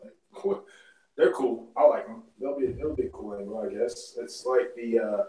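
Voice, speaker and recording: A man's voice: medium pitch, moderate pace, warm tone, low-quality recording. Laid-back man in casual chat. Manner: laid-back, slangy, laughs often. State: sore after the gym. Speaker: podcast co-host.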